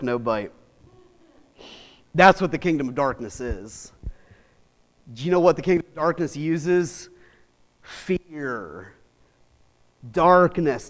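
A middle-aged man preaching in a high voice, telling stories in a lively, chatty way. He swings from easy, casual asides into animated retellings, keeping the sermon conversational. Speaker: pastor.

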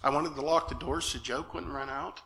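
A nervous man speaking as a lay preacher at a church, earnest and halting, often checking in with "okay?". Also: on the high side, creaky, heavy background noise. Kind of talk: sermon. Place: church sanctuary.

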